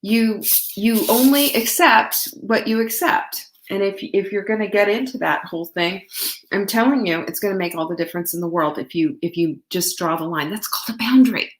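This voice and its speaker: A woman's voice: medium pitch, moderate pace, echoey room. Chatty woman hosting a live stream. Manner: chatty, warm-hearted, greets viewers by name, laughs often. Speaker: livestream host. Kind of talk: casual live-stream chat to viewers.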